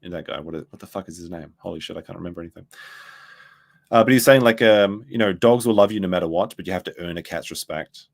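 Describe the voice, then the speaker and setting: A man's voice: deep voice, fast talker, gravelly. A man giving casual commentary, rambling and profane, losing his train of thought as he talks. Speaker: commentary streamer.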